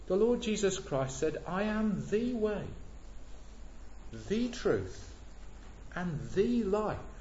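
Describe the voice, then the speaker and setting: A man preaching a sermon in a church hall, swelling loud on key words and dropping low and soft between them. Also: sing-song, slow, pauses often, slight background noise. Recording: echoey hall, dull lo-fi sound.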